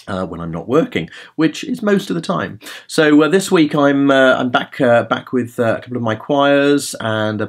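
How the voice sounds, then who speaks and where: A man in his thirties hosting a podcast as a vocal coach, talking in a relaxed, rambling way with plenty of fillers. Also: mid-range voice. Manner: demonstrates sung vowel sounds. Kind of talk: casual podcast talk with vocal tips.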